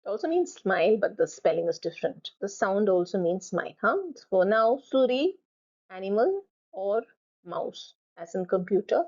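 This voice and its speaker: A woman's voice: mid-range voice, very animated, moderate pace, darkish tone. A woman teaching French from slides, repeating each word several times so learners can copy her pronunciation. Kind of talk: recorded slide lecture. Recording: dull lo-fi recording.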